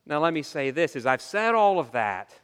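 Earnest preacher in a reverberant hall. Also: male voice, fairly high pitch, normal speed, smooth. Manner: earnest, animated storytelling with frequent restarts. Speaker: pastor. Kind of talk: sermon. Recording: long reverb of a large hall.

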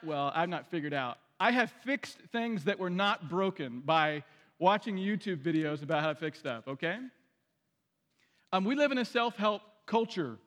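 High-voiced pastor preaching in a reverberant hall. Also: male voice, a bit bright. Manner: conversational preaching with restarts and direct questions. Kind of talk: sermon.

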